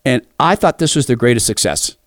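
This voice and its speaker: A middle-aged man preaching a devotional talk, telling lively family anecdotes and acting out the voices. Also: mid-range voice, fairly quick, dry recording, studio quality. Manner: animated, acts out voices in anecdotes.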